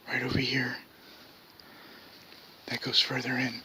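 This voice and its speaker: A man whispering tensely into his camera as he explores woods at night. His voice is bright and strained, with faint outdoor ambience behind him. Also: medium pitch, completely flat delivery, unhurried, pauses often, slight background noise. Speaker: paranormal investigator.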